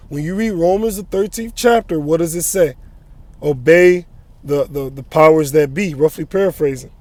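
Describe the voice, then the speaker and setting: A man's voice: fairly high pitch, a little mellow, no echo. A man preaching an informal sermon while traveling, quoting scripture and checking in with "all right?" and "you know?".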